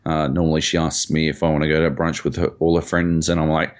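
On a podcast, a young male co-host chats casually in a very deep, clear and resonant voice with flat delivery at a normal speed. He rambles through anecdotes, swears freely and often breaks into laughter.

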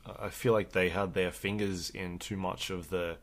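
A man co-hosting a podcast, telling stories in a relaxed, casual way with frequent swearing. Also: low-pitched, moderate pace. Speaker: podcast co-host. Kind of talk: casual chat.

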